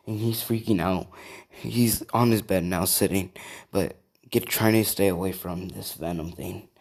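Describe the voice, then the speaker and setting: A man improvises a fan story aloud, rambling and restarting often. His voice sits a little low. The telling is loose and casual. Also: a little slow, darkish tone.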